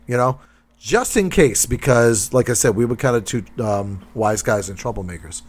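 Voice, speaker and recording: A man's voice: mid-range voice, normal speed. A man from Massachusetts casually telling a funny story on a podcast, acting out other people's lines. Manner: animated anecdotes, acts out other people's lines, laughs often.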